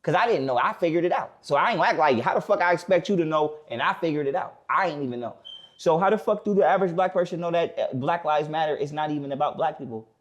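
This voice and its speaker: A man with a slightly raised pitch speaks in a casual podcast conversation. He is blunt and profane. He often restarts his sentences and slowly repeats the points he wants to drive home. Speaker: podcast guest.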